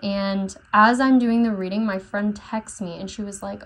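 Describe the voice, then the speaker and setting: A woman's voice: medium pitch, fairly even intonation, moderate pace, a bit bright, poor audio. A woman tarot reader talking in a casual, rambling way, full of fillers and unsure asides as she channels messages. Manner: rambling, unsure, many fillers and self-corrections.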